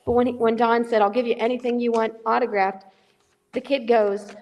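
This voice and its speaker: A woman's voice: on the high side, a little fast, big-room sound. A middle-aged woman telling a story in a casual chat as a remote guest, acting out the dialogue. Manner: animated, acts out dialogue in quotes. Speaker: guest, charity volunteer. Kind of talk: casual storytelling on a call-in podcast. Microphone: remote call.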